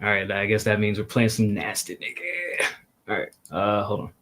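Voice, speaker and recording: A man hosting a music review stream, chatting casually and teasing his guest while stalling with repeated pauses. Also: fairly low pitch, fairly even intonation, fairly bright tone. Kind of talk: casual chat.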